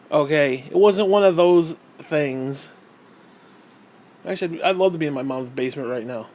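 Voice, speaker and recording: A man's voice: a little high, animated, moderate pace, a little mellow. A man ranting heatedly about a video game at home, swearing constantly in an angry, profane tirade. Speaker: gaming YouTuber. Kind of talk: angry gaming rant.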